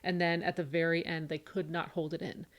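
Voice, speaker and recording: A woman in her thirties with a slightly low voice co-hosts a casual book podcast. She talks in long, animated runs and slips into her children's voices when she tells stories about them. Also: fairly quick. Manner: chatty, animated storytelling, acts out her kids' voices. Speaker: podcast co-host. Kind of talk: casual chat.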